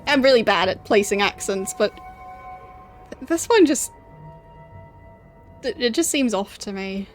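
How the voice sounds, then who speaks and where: A young woman streaming a game, chatting casually in English, which is not her first language, with frequent laughs and halting restarts. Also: mid-range voice, animated, faint music behind. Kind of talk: casual gameplay commentary.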